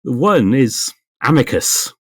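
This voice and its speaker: Mid-pitched man, podcast guest, steady and thoughtful, dry recording. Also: takes it slowly, no echo. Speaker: voice actor guest. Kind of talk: casual podcast chat.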